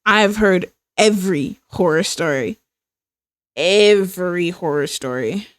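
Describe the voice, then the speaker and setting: A woman's voice: lowish voice, animated, takes it slowly, dry recording, clean studio sound. A young woman chatting casually as she draws on a stream, rambling with lots of fillers and breaking into laughs. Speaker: streamer and illustrator. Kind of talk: casual chat while drawing.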